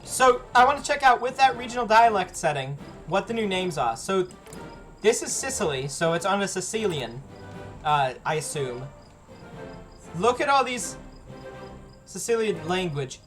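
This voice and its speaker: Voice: medium pitch, sing-song, moderate pace, pauses often, a bit bright, soft background music. A streamer chatting casually while playing a strategy game, often reading on-screen text aloud. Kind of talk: casual live game commentary.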